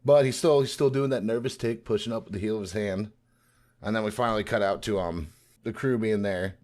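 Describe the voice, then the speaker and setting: A man chatting on a podcast, animatedly retelling scenes and slipping into quick character voices. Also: on the low side, darkish tone. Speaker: podcast co-host. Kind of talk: casual podcast discussion.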